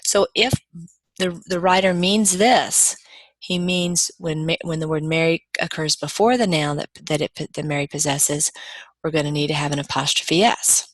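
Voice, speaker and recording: A woman's voice: sits low, moderate pace, dry recording. A middle-aged woman giving a recorded grammar lecture, explaining patiently with small restarts.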